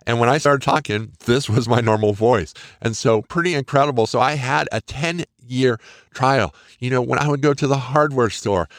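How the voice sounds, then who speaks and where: A man's voice: mid-range voice, normal speed, dry recording, clean studio sound. A middle-aged man hosting a solo podcast, talking in an earnest, encouraging, conversational way. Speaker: podcast host. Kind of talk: casual solo podcast monologue.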